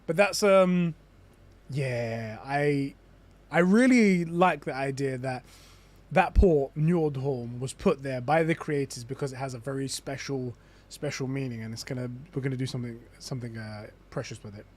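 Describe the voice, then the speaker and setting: A man's voice: medium pitch, moderate pace, darkish tone. A young adult man chatting casually on a live stream, theorizing in a rambling way with lots of restarts. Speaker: gaming streamer.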